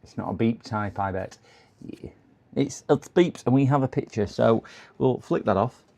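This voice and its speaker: Man, gravelly fry in the voice, casual live-stream repair commentary, mutters to himself, chats to viewers. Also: mid-range voice, normal speed, darkish tone. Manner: muttering to himself, chatting to the live chat between tasks. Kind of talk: casual running commentary while working.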